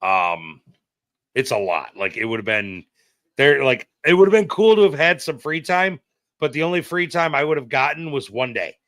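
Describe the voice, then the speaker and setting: A man co-hosting a casual podcast, griping bluntly and swearing as he talks. His voice sits at an ordinary middle pitch, and the sound is dry and close to the mic. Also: big pitch swings, moderate pace, a bit bright, no room sound. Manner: blunt, profane, wry. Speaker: podcast co-host. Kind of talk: casual chat. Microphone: streaming podcast mic.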